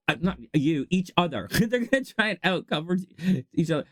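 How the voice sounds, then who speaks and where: Vlog host, casual advice monologue, very lively pitch, dry close sound. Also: normal speed, no room sound. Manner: animated, laughs often, swings between low asides and high exclamations. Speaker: channel host.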